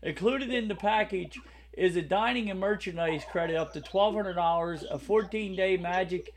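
A man co-hosting a podcast in casual chat, blunt and joking, getting loud when riled. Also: high-pitched, normal speed. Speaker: podcast co-host.

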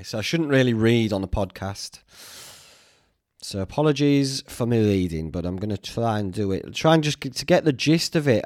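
A podcast host rambles through casual chat, joking at his own expense and swearing freely. His voice is on the low side with a darkish tone, captured in a dry, studio-quality recording.

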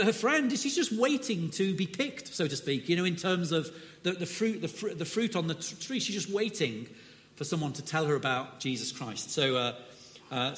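A man's voice: mid-range voice, fairly bright tone. A man preaching a sermon as a visiting speaker, telling stories with asides and chuckles. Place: church. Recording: long church reverb.

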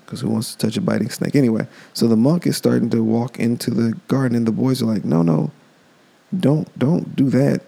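Gravelly, dark-voiced man. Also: mid-range voice, level tone, fast talker, hardly any pauses. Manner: rambling, loose, cursing. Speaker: podcast host. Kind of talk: casual solo monologue.

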